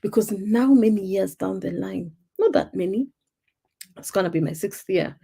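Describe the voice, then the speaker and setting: A woman's voice: medium pitch, normal speed, vocal fry, dark tone, breathy edge. A woman with a Kenyan accent giving an emphatic motivational talk on a live stream, often repeating her key points. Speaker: life purpose coach.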